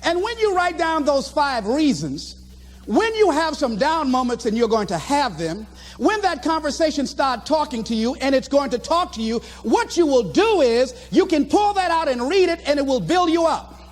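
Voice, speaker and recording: High-voiced, animated motivational speaker man. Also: moderate pace. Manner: animated storytelling, shouting acted lines. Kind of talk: motivational speech to a live audience.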